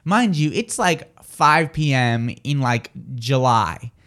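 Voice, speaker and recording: A man's voice: medium pitch, expressive, slow pace, fairly bright tone. A man co-hosting a live radio talk show, telling stories in a rambling, chatty way full of fillers and restarts. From New Jersey. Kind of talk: casual chat.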